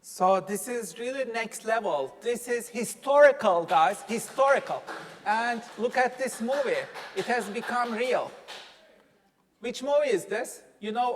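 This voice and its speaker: A man's voice: high voice, long reverb tail. A man giving a workshop lecture, quizzing his audience and stressing key points. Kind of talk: classroom lecture.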